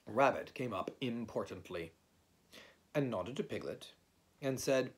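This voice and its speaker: A man reading a children's story aloud in a gentle, unhurried way. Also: mid-range voice, animated. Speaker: audiobook reader. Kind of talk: storybook narration.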